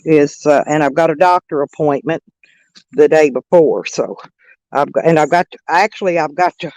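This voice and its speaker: A woman's voice: deep voice, normal speed, darkish tone, no room sound. A woman chatting casually on a live stream, rambling and greeting viewers by name. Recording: dull dry lo-fi sound.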